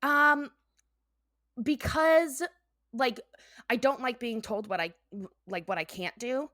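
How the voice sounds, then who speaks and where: A young woman co-hosting a podcast, a little tipsy and laughing through her sentences, cursing freely. Her voice sits fairly high and swings widely in pitch. The recording is dry and close. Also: slow, dry recording. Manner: laughs often, swears freely, animated. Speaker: podcast co-host. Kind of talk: casual chat.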